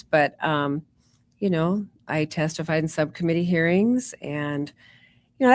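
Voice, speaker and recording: Lady, middle-aged, low pitched, chatty with lots of "you know", dry close sound. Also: dry recording. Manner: chatty, warm storytelling with fillers like "you know" and "um". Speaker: nurse practitioner and cancer survivor, guest. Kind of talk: casual interview storytelling.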